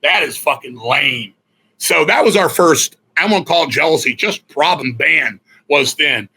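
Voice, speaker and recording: This guest musician, a middle-aged man from Virginia, USA, has a husky, forceful voice that's a little high, and he takes his time. Swearing freely, he animatedly acts out other people's lines while telling stories in a casual interview. The audio is poor.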